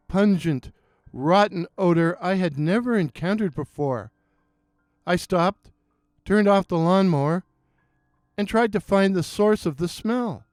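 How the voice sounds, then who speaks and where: A man tells a scripted horror story at a slow, suspenseful pace, close to the mic. His voice is high and smooth. The dry recording carries faint music underneath. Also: a little mellow, no room sound. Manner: measured, suspenseful.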